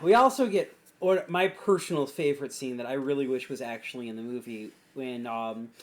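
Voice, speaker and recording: A man's voice: mid-range voice, a little fast. A man co-hosting a casual podcast chat, rambling and trailing off mid-sentence, laughing often. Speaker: podcast co-host.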